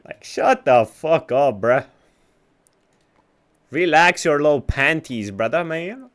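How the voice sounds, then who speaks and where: Young man, game streamer, profane trash talk, slightly high voice, casual chatter. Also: animated, takes it slowly, fairly bright tone. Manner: profane, trash-talking banter. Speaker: live streamer.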